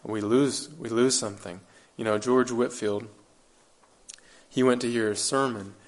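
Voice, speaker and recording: A male preacher delivers a sermon in an earnest, emphatic way. He keeps asking rhetorical questions and repeats his key phrases. His voice sits at an ordinary middle pitch for a man. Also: steady tone, a little slow.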